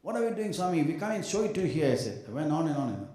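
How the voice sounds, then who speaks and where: Man, devotional speaker to a crowd of devotees, mellow voice, lively storyteller who mimics people, heavily echoing hall. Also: a little high, racing. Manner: animated storytelling, mimics other people, joking asides. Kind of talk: devotional talk with anecdotes. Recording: echoey hall sound.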